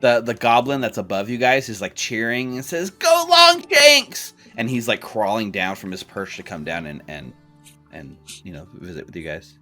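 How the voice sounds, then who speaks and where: A man's voice: lowish voice, normal speed, a bit bright, soft background music. A man narrating a tabletop game as game master, loose and full of fillers and restarts.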